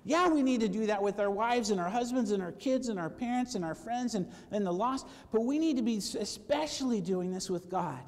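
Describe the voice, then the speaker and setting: High-voiced man preaching in an echoey church. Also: brisk, few pauses. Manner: animated, acts out quoted voices, asks for amens. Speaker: pastor. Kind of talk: sermon. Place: church sanctuary.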